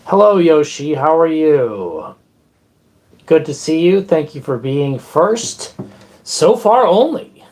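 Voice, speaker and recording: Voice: medium pitch, sing-song, takes it slowly, darkish tone. A live streamer chatting casually with viewers in a playful, rambling way, now and then breaking into made-up silly songs. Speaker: livestream host and musician.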